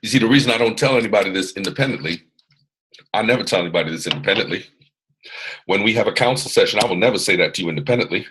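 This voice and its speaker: A man from Atlanta with a Southern American accent and a resonant baritone, giving an emphatic, preachy motivational training talk on a video call. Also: racing, a bit bright, breathy edge, low-quality recording. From Atlanta, Georgia, US. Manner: preachy, emphatic, repeats phrases, puts on voices of others. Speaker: mentor hosting a live training call.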